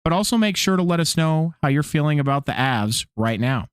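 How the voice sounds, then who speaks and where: Guy hosting a hockey podcast, goofy, pitch jumping all over, dry close mic. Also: brisk, clear, resonant tone, no echo. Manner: goofy, animated, swearing, trailing off into restarts. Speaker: podcast co-host. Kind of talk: casual podcast chat.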